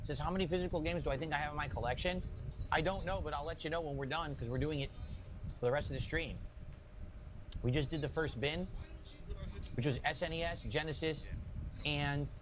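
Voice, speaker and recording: A man's voice: on the high side, a little fast, long pauses. A man livestreaming from his own room, chatting casually and explaining himself at length in a defensive way.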